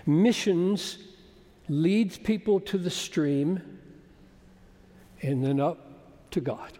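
A man preaching a sermon, moving between quiet explanation and loud, soaring emphasis. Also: fairly high pitch, drawn-out words. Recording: long hall reverb.

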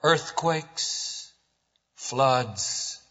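A male pastor preaching a sermon, swinging between loud declarations and hushed, low phrases. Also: lively intonation, very slow, long reverb tail, dull audio.

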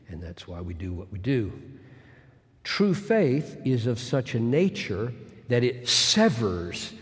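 A male pastor preaching a sermon, moving from booming, drawn-out emphasis to hushed, near-whispered lines. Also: big pitch swings. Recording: long hall reverb.

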